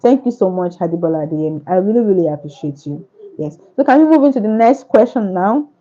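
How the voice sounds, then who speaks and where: A woman's voice: medium pitch, animated, quick pace, mellow, muffled recording. A woman author answering questions at a book launch, speaking earnestly with repetitive, preacher-like phrasing.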